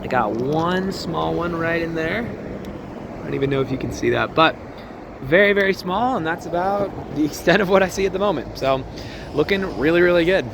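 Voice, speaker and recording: Chatty, slightly hoarse car salesman outdoors. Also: a little high, normal speed, noisy background. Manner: chatty, upbeat, laughs often. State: voice a bit hoarse. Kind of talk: casual vehicle walkthrough. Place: outdoors on a car lot in cold weather.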